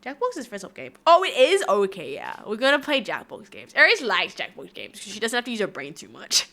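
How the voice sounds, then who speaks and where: Bubbly, bright-voiced Australian woman. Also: medium pitch, huge pitch swings, a little fast, vocal fry. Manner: bubbly, rambling, giggly. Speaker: livestreamer. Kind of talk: casual stream chat reading viewer comments.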